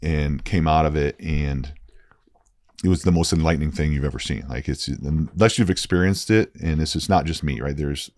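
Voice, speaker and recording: A man's voice: very deep voice, normal speed, darkish tone, dry recording, clean studio sound. A former football player in his forties, a guest telling a candid story in an earnest, emphatic way, often adding "right?".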